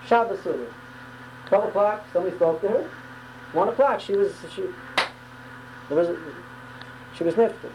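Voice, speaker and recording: A woman gives a Torah class on prayer at an ordinary, middle pitch. She speaks with emphatic force, often stumbling over repeated words as she builds her point. Faint noise sits behind her voice. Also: animated, moderate pace, pauses often. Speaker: Torah teacher.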